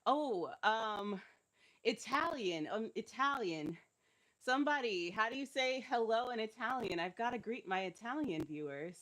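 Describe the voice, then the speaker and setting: A woman's voice: a little high, animated, measured pace, fairly bright tone. A woman leading a live-streamed workout as fitness instructor, encouraging and laughing often while she is cramping and feeling unwell.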